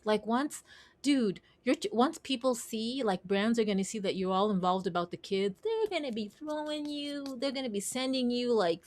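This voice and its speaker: A young woman from Canada hosting a casual livestream chat, bubbly and giggly, rambling between topics. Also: mid-range voice. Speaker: host.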